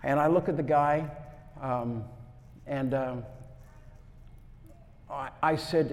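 A man preaching a sermon, telling a story and acting out the voices, swinging from loud to hushed. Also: medium pitch, slow pace, pauses often. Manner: animated, acts out quotes, swings from loud to hushed. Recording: long hall reverb.

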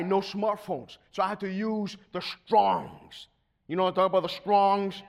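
A middle-aged pastor preaches a sermon in a fairly high voice. He alternates between calm, steady explanation and sudden loud, shouted bursts.

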